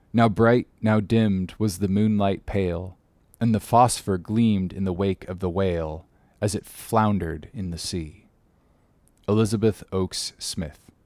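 Man reading in a dry, measured voice. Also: on the low side, darkish tone, no room sound. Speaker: narrator. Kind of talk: audiobook reading.

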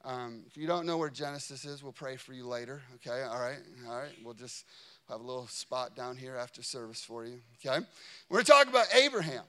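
A man's voice: mid-range voice, fairly quick, pushed and bright, smooth. A man in his thirties preaching a sermon in a large church, telling stories with jokey asides and lots of "you know what I mean.". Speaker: pastor. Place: large church before a congregation.

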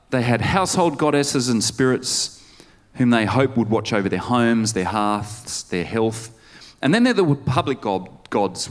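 A male pastor preaching a conversational sermon, putting questions to the congregation. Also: medium pitch. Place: church service.

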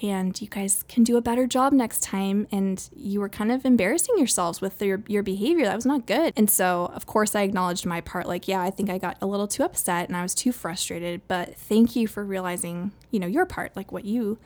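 A woman's voice: medium pitch, fairly quick, few pauses, darkish tone. A woman in her thirties hosting her own solo podcast. She talks in a chatty, upbeat way, laughs often and acts out the voices in her stories. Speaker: podcast host.

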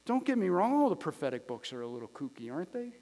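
High-voiced preaching man in a reverberant hall. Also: big pitch swings, quick pace. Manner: conversational preaching that swings from loud emphatic lines to quiet, hushed ones; repeats phrases for emphasis. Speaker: pastor. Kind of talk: sermon. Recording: long reverb of a large hall.

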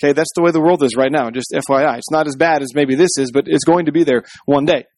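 Male pastor, chatty sermon with asides, a bit high-pitched. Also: quick pace, a little mellow, no room sound. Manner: conversational, frequent asides asking the congregation.

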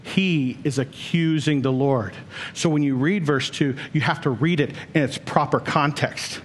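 A man's voice: fairly high pitch, a little slow, slight background noise. A man preaching a sermon as pastor, earnest and building to emphatic questions.

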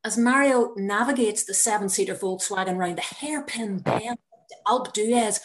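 A woman reading her own personal story aloud in a measured, wry manner. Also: medium pitch. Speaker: narrator.

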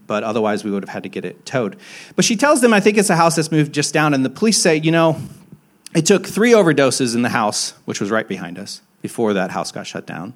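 A young adult preacher tells stories with candor and self-deprecation during his sermon. He keeps restarting his thoughts, and his voice goes back and forth between forceful rises and soft, low interjections.

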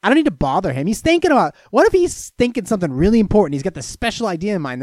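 A man's voice: rapid-fire, few pauses, dry recording, clean studio sound. A man from Florida chatting casually with his stream, telling stories and answering chat questions in a profane, rambling way. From Florida, USA. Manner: profane, storytelling, lively swings in pitch and loudness.

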